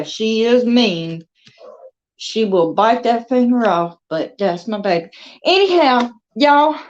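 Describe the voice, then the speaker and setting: A woman chatting casually with her viewers from her dining room at home, stopping now and then to talk to her pets. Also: a little high. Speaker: crafter and video host. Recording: dull lo-fi sound.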